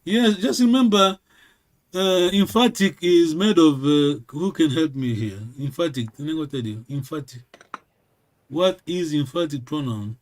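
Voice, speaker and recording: High-voiced man teaching with frequent check-ins. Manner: halting, repeats words, keeps checking with "yes?". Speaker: language teacher.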